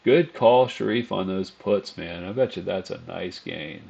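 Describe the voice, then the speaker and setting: Gravelly man cursing over live trades. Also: deep voice, measured pace, highs cut off. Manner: swears often, groans and mutters at the market; calms himself down out loud. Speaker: day trader streaming live. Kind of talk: live trading commentary.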